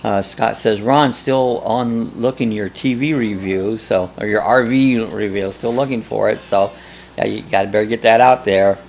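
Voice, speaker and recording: Gravelly-voiced man hosting a rambling chat. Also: lowish voice, steady tone, moderate pace, a little mellow, slight background noise. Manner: easygoing, rambling, chatty. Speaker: host. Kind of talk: casual live chat, reading viewer comments aloud.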